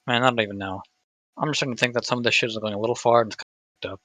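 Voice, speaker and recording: A man's voice: mid-range voice, fairly even intonation, very fast, pushed and bright, no echo. A man reading as a laid-back teenage boy who talks offhandedly and swears casually. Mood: offhand. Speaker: reader in a group readthrough. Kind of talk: live unscripted fan script reading.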